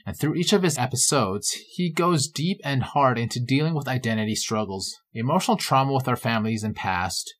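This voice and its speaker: A man's voice: medium pitch, fairly quick, few pauses, a bit bright. A man from Vancouver hosting a casual podcast interview, friendly and enthusiastic. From Vancouver, Canada. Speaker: podcast host.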